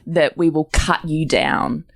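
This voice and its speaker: A woman's voice: sits low, level tone, takes it slowly, no room sound, studio quality. An Australian woman hosting, telling a personal story frankly and animatedly, swearing freely. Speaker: host.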